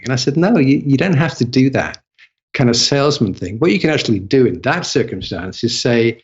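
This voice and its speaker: A man's voice: mid-range voice, expressive, fairly quick, slightly rough. A man giving an interview as a copywriting guest, chatty and casual, often restarting and repeating words mid-sentence. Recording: slightly dull lo-fi audio.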